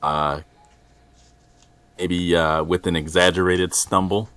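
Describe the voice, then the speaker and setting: A man at a tabletop game thinks aloud about his next move in a slow, hesitant way. His very low voice is bright and smooth. It is recorded close and dry. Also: level tone, dry recording. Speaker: player.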